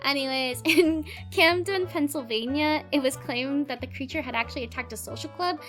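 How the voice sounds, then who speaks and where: A woman's voice: high voice, normal speed, fairly bright tone, faint music behind. A woman hosting a casual video, chatting in a loose, jokey way with lots of swearing and frequent giggles that break into her sentences. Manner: giggly, laughs often mid-sentence. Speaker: YouTube host presenting cryptids. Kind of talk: casual narrated video, unscripted asides.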